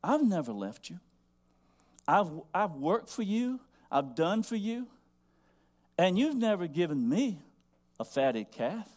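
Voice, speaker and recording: A man's voice: high-pitched, big pitch swings, takes it slowly, pauses often, darkish tone, voice pushed up, heavily acted. A man doing a resentful elder brother. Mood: aggrieved. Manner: aggrieved, complaining.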